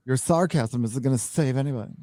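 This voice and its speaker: A live stream host with a mellow, mid-range voice talks fast in a dry recording. He chats casually and bluntly, swearing a lot as he reads out donations.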